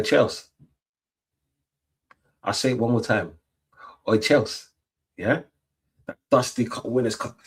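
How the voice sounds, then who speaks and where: A young British man hosting a casual football livestream, full of playful trash talk and "yeah?" tags. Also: fairly low pitch. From Britain. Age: young adult. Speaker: livestream host. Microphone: webcam mic.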